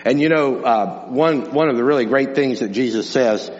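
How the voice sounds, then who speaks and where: Earnest pastor preaching in a hall. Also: male voice, medium pitch, moderate pace, faint music behind. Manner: earnest, repetitive restarts, conversational preaching. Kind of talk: sermon. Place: church sanctuary. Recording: dull lo-fi hall recording with hum.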